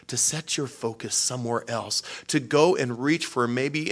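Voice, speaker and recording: In a mid-range voice, a man preaches a sermon built on storytelling. He's animated and jokes at his own expense, performing dialogue with big dynamic swings and lowering to near-whispers as he prays.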